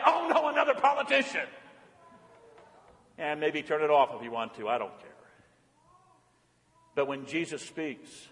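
A man preaching a sermon as pastor, swinging from lively and playful to hushed and earnest. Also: sits high, big-room sound. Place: church.

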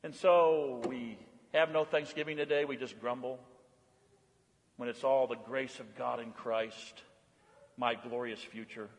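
A male pastor preaching a sermon, animated, rising high and loud on exclamations and dropping low and quiet on reflective lines. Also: measured pace, big-room sound.

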